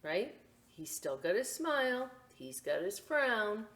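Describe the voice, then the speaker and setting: A middle-aged woman takes her time reading a picture book aloud at a library storytime, her pitch medium. She's animated and chatty, regularly addressing the young listeners with asides.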